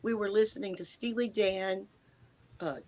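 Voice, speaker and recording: An older American woman tells her own story as an interview guest. She speaks in a halting, earnest way, restarting sentences and rushing or slowing as she goes. Her mouth is dry, and it catches on her words. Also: medium pitch, fairly even intonation, a little mellow. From United States. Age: 60s. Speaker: guest recounting a personal encounter. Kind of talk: emotional first-person storytelling.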